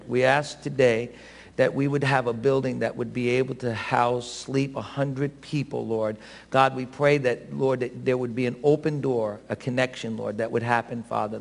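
A man's voice: medium pitch, gravelly. A middle-aged man preaching a sermon as pastor, emphatic and full of rhetorical questions to the congregation. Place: church sanctuary. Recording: reverberant church hall.

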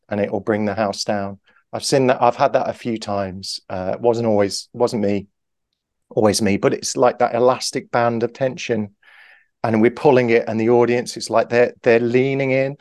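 A man's voice: on the low side, darkish tone, dry recording, clean studio sound. A man talking casually as an improv guest, rambling and correcting himself, acting out example lines as he explains. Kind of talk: casual interview chat.

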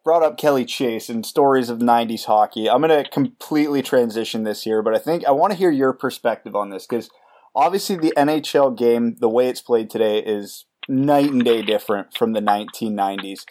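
A man hosting a podcast, asking measured, leading interview questions. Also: mid-range voice, a little mellow. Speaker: podcast host.

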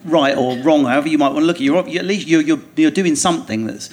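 A man with an Essex accent, a comedian guest talking on a podcast in an animated, laughing way, swearing at times. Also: a little high, fast talker. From England. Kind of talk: podcast conversation. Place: theatre stage before an audience.

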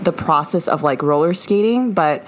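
A woman's voice: low voice, animated, moderate pace. A young woman co-hosting a casual podcast, rambling with lots of fillers and giggles. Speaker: podcast co-host.

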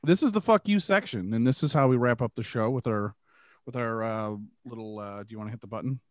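A man's voice: mid-range voice, fast talker, dry recording. A man hosting a podcast in casual chat, teasing the others and jumping in with jokes. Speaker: podcast host.

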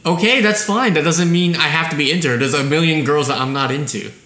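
A young man co-hosts a casual podcast, pushing back on his friend with skeptical teasing. His voice is bright and a little high. The room around him is echoey. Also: fast talker. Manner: skeptical, pushes back and teases. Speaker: podcast co-host. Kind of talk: casual chat.

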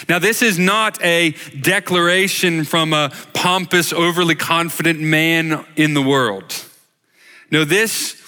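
A man delivers a sermon in an unhurried, deliberate cadence, pressing each line with rhetorical questions. His voice is bright and fairly high for a man. It rings out with a long hall reverb, as in a church sanctuary. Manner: slow, emphatic preaching with rhetorical questions. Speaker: worship leader giving a short sermon.

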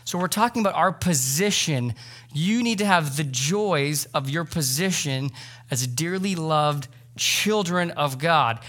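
A man's voice: a little high, animated, measured pace, fairly bright tone. Casual, conversational man preaching. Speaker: pastor. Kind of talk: sermon. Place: church sanctuary.

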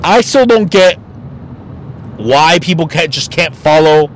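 Man, podcast host, high-pitched voice, blunt profane rant, faint background hiss. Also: animated, unhurried, low-quality recording. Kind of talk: opinion podcast monologue.

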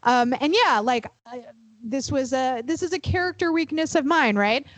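A woman co-hosting a podcast, talking in an animated, emphatic, profane way. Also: sits high, normal speed, dry recording, poor audio. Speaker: podcast co-host. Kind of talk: casual chat.

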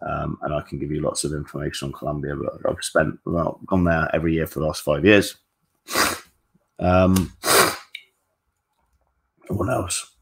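A man with a notably low, deep voice talks straight to his viewers in a live-stream Q&A. He is blunt and casual, a dating coach who swears freely and keeps things frank. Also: flat delivery, moderate pace, vocal fry, long pauses.

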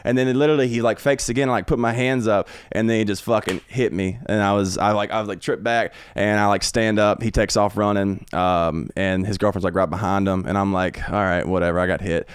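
Man, comedian guest, rambling profane stories, quick delivery, dry close sound. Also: fairly low pitch, clean tone, no room sound. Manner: animated, profane, repeats himself. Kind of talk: rambling podcast storytelling. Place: home podcast studio.

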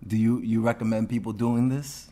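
A man's voice: fairly low pitch, flat delivery, moderate pace, dark tone. A man co-hosting a podcast, asking questions in a joking, teasing way. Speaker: podcast co-host. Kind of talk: casual chat. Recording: noisy podcast recording.

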